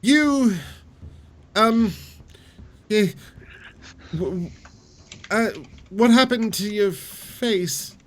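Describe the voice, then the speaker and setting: A man voicing a flustered female innkeeper who stammers and hesitates, in a raised pitch. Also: very slow, pauses often, slight background noise. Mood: startled.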